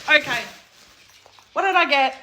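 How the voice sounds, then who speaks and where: A woman in her thirties from Australia, casually unboxing on her vlog, excitable and gushing, swearing freely. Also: fairly high pitch, a little slow, heavy background noise. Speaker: vlogger.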